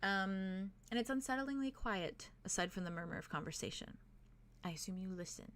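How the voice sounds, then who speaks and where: A woman's voice: mid-range voice, lively intonation, normal speed, fairly bright tone. Young woman narrating as game master. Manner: descriptive, with frequent "like" and "um".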